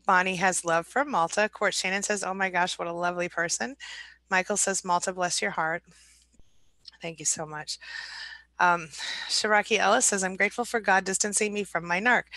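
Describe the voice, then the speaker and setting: A woman hosting a live stream, reading out viewer comments with a warm, emotional manner. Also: on the low side, no echo. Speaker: host.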